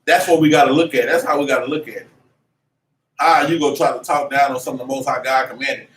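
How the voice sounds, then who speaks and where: A man teaching a religious class in an animated, preachy way, with lots of slang and repeated "man". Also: medium pitch, fast. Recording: echoey room, mic at a distance, faint noise.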